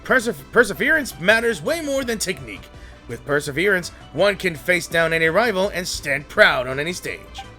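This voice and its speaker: A man voicing a loud, muscle-obsessed idol coach in a game, barking commanding declarations. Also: high voice, very animated, normal speed, faint music behind, heavily acted. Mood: preachy.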